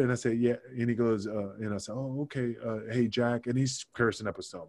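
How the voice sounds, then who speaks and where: Speaking at a normal speed in a lowish voice, a man on a podcast casually relates something that happened backstage. He's animated, voicing other people's lines with profanity, and the recording has no room sound.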